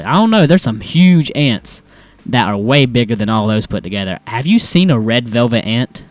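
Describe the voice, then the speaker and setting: A man's voice: mid-range voice, no echo. A man rambling through casual comedy commentary as he reads posts aloud, joking about himself and stumbling over words. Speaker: reaction video host.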